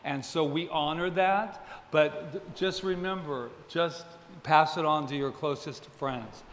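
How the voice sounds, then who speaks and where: A man's voice: fairly high pitch, unhurried, a bit bright, a little hiss or hum. A man who leads a spiritual center, making casual church announcements with a joking, self-deprecating manner. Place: church hall. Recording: echoey hall, faint ambience.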